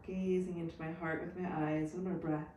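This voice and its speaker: A woman teaching a yoga class, calmly talking students through poses and breaths. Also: lowish voice, distant mic, a little hiss or hum. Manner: calm, unhurried cueing with breath counts. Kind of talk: guided yoga instruction. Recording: very echoey room, off mic.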